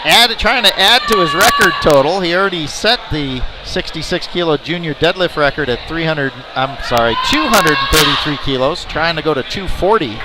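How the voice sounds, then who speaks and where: A man's voice: on the high side, expressive, normal speed, few pauses, a loud crowd. A man announcing lifts at a powerlifting meet, with chatty, joking asides between attempts. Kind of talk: live powerlifting commentary. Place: indoor competition venue. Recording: noisy arena ambience.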